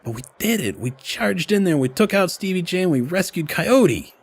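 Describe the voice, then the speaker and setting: A man's voice: sits high, big pitch swings, normal speed, slightly rough, pitched above the performer's own voice, exaggerated voice. A man voicing a nervous young former gang member who talks anxiously.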